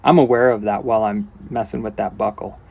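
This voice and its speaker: A man working as a horse trainer, giving calm, relaxed instructional commentary with casual asides as he works. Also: lowish voice, brisk, vocal fry, breathy edge.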